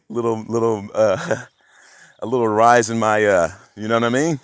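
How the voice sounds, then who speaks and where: A man vlogging a rambling, profane rant that swings between muttering and loud outbursts. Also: medium pitch, moderate pace, no echo. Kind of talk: rambling monologue.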